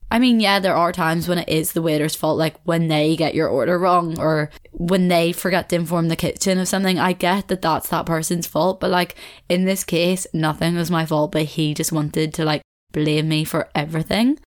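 A young woman, hosting a podcast and telling a story in a candid, chatty way, swearing freely and saying "like" a lot. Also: lowish voice. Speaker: podcast host. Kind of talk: casual storytelling chat.

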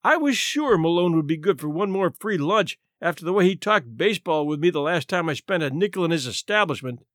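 A man voicing a shabby, down-and-out gentleman who speaks quietly and wryly, with sighs, in a storybook reading. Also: on the high side, expressive, brisk, few pauses, dry recording, clean studio sound. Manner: quiet, sighing, wry.

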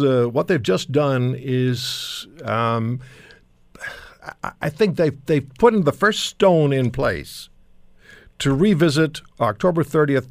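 A male talk show host thinks aloud in a conversational manner. His voice sits at a middling pitch. The recording is dry and close, with no room echo.

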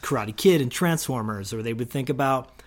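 A man's voice: mid-range voice, normal speed. A middle-aged man co-hosting a podcast in casual chat, enthusiastic and rambling, laughing easily. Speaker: podcast co-host.

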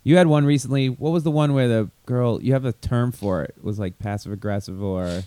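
A man in casual chat, reacting quickly and telling his own story. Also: mid-range voice, warm tone, dry recording.

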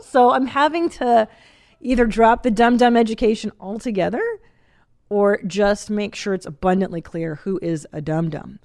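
A middle-aged woman hosting a podcast, chatting casually and telling animated stories, acting out quotes and laughing often. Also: mid-range voice, normal speed. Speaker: podcast host. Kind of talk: casual chat.

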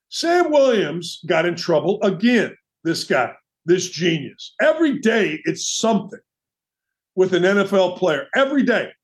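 A man hosting a sports talk show, delivering a brash, opinionated monologue with mocking asides. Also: high-pitched. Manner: brash, animated, mocking asides and quoted voices.

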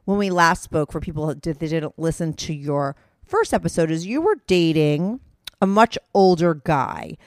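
A woman's voice: low-pitched, expressive, normal speed, dry recording, studio quality. A woman hosting a podcast in casual chat, frank and filler-heavy, swearing freely. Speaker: podcast host.

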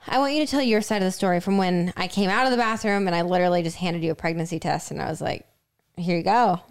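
A young woman co-hosts a casual podcast, telling a personal story with plenty of fillers. Her voice is smooth and clear, at a middle pitch for a woman. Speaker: podcast co-host.

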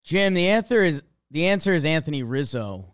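A man's voice: fairly high pitch, sing-song, a little fast, smooth, no room sound, clean studio sound. A man co-hosting a casual sports podcast, rambling through stats and jokes. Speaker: podcast co-host.

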